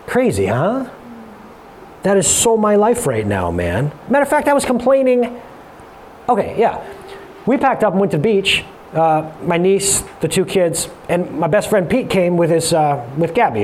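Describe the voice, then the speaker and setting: A man in his thirties preaching a sermon in a conversational way, with jokey asides and quick self-corrections. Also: sits high, very animated, a little hiss or hum. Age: 30s.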